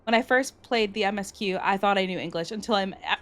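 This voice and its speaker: A woman's voice: mid-range voice, expressive, brisk, fairly bright tone. A woman streaming a game, chatting casually between reading lines, laughing and stumbling over names. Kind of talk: casual gaming commentary.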